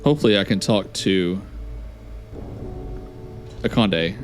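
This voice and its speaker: A man's voice: sits low, slow pace, faint music behind. A man hosting a let's play, reading out his dialogue choices and thinking aloud as he plays. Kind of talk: casual gameplay commentary.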